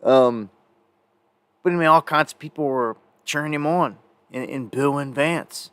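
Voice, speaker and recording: A man's voice: fairly high pitch, unhurried, a bit bright, clear, resonant tone, no echo. Rambling man hosting live news. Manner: rambling, conversational, frequent fillers and restarts. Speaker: independent news show host. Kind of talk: casual live news commentary.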